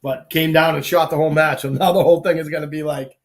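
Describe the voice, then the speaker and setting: Lively man from Boston telling stories. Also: fairly high pitch, fast. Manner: animated, acts out quoted dialogue, salty slang. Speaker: show host. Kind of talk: casual storytelling chat.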